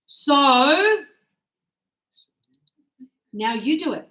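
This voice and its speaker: A woman teaching an English spelling lesson, slowly repeating words and stressing syllables. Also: sits high, very animated, bright, forceful tone, roomy sound, rough recording. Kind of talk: grammar lesson.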